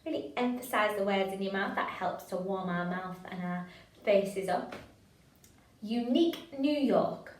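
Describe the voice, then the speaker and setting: A woman leading an online drama workshop, talking in an encouraging, chatty way with frequent "um"s as she explains warm-up games. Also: medium pitch, a little slow, a little hiss or hum. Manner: encouraging, chatty, hesitant with fillers. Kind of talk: online drama class instruction. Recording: roomy sound from a distance to the mic.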